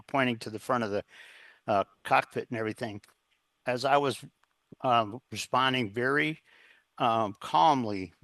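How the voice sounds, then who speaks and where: As a guest in a casual interview, a man tells an earnest story in a mid-range, slightly bright voice, acting out the dialogue as he goes. The recording has no echo, and his anecdotal telling quotes others directly.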